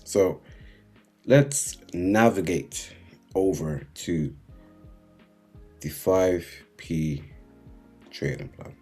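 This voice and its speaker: A man giving a live-streamed trading lesson, speaking slowly and repeatedly checking in with his viewers. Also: deep voice, lively intonation, warm tone, breathy edge, soft background music. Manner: unhurried, repeating "right?" and "guys" to the chat. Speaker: trading instructor.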